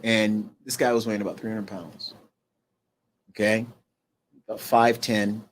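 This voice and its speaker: With a lowish voice and flat delivery, a middle-aged man recounts a personal story as a guest on an interview show. He halts, restarts, and uses fillers, growing quieter at the heavy parts, and there's slight background noise.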